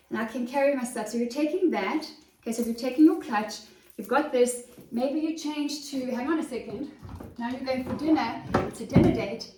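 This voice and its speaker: A woman's voice: fairly high pitch, mellow, slight background noise. A woman, a confidence coach, chatting eagerly and straight to the viewer in a casual fashion vlog filmed in her home closet. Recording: roomy sound, voice from a distance.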